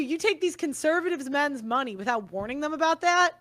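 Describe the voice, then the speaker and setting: Young woman commentator, high bright voice, blunt and profane, angry monologue. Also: big pitch swings, a little fast, few pauses.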